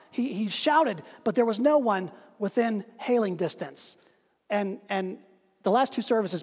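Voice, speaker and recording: A preacher telling a parable as part of a sermon, with slow, dramatic pauses and a voice that drops low at the ends of lines. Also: breathy edge, long reverb tail. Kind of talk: sermon storytelling.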